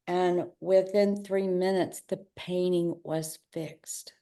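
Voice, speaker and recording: A woman guest with a mellow, warm tone who tells her story with spirit. She often speeds up into quick bursts and slips into acted-out dialogue as she talks. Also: fairly low pitch, steady tone. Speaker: guest, business owner and artist. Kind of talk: interview storytelling.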